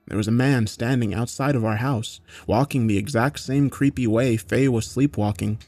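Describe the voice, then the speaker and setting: A man narrating a horror story in a measured, matter-of-fact way, with occasional swearing. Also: mid-range voice, a little mellow, no echo, faint music behind.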